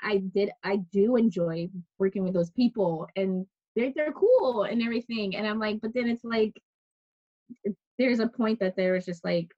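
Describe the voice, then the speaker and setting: A woman's voice: medium pitch, moderate pace. Woman, chatty storyteller, lots of restarts and "like", dull lo-fi sound. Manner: chatty, many restarts and "like", laughs often. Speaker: interviewee. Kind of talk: casual storytelling conversation. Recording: dull lo-fi recording.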